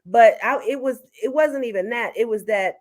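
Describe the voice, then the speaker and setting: Animated woman storyteller acting out quotes; higher register. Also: moderate pace. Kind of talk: casual chat.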